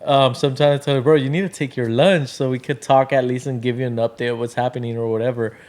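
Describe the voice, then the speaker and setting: Talking fast, a drink brand founder from the Tri-Cities area of Washington state appears as a casual podcast guest. His mid-range voice is a little mellow, with fairly even intonation. He rambles through filler-laden stories, acting out others' quotes.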